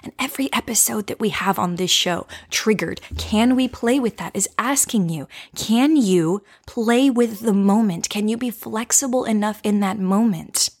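A woman hosting her own show, talking through a lesson by telling a story from her life. Her delivery is playful and animated, full of little laughs. She keeps checking in with the listener as she goes. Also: medium pitch, normal speed, few pauses, husky. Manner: animated, with frequent tag questions. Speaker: podcast host.

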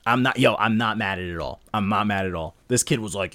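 Fired-up, low-voiced young man ranting. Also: fast, no room sound. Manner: animated, profane, fired-up ranting. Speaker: podcast host reviewing rap albums. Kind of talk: casual chat.

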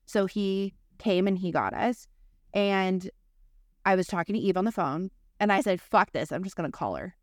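A woman's voice: mid-range voice, moderate pace, no room sound, studio quality. A woman in her thirties co-hosting a podcast, telling a personal story in a candid, profane, conversational way. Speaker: podcast co-host. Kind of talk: casual conversation.

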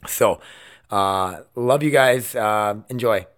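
A man's voice: fairly low pitch, takes it slowly, a bit bright, clear, resonant tone. A man in his thirties hosting a casual podcast from home, talking loosely and rambling, with some swearing. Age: 30s. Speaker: podcast host. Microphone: desk mic.

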